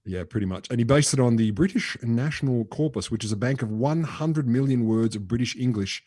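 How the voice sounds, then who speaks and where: A man's voice: medium pitch, fairly quick, warm tone, breathy edge, dry recording. An Australian man co-hosting a casual science podcast, talking with a dry, wry manner and dropping in laughs. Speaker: podcast co-host.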